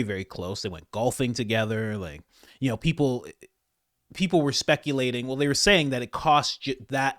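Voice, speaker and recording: A man's voice: medium pitch, a bit bright, dry recording. Chatty man, dry commentary. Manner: chatty and rambling, laughs at his own jokes. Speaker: commentator and channel host. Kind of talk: casual political commentary.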